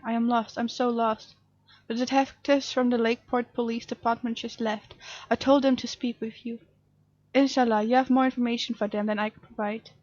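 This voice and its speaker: A woman's voice: a little high, no echo, dull audio, close to an everyday voice. A woman reading as a grieving, pleading mother. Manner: reading text messages aloud, earnest.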